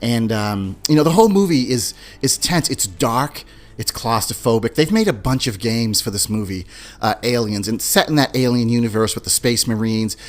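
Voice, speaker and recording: A man's voice: medium pitch, moderate pace. Casual male podcast host retelling movie scenes. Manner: animated storyteller, mimics beeping sounds and movie lines.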